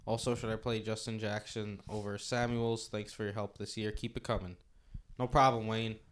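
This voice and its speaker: A man's voice: lowish voice, level tone, normal speed, slight background noise. A young man hosting on a podcast mic, with an easy, laid-back delivery. He reads out listener questions and chats through the answers in a casual tone. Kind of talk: casual sports chat. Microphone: studio mic.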